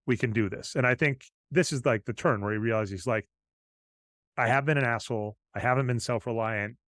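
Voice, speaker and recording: A man's voice: mid-range voice, fairly quick, fairly bright tone, no echo. A man co-hosting a podcast, casually retelling film scenes and quoting the characters' lines. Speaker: podcast co-host. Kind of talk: casual chat recapping a film.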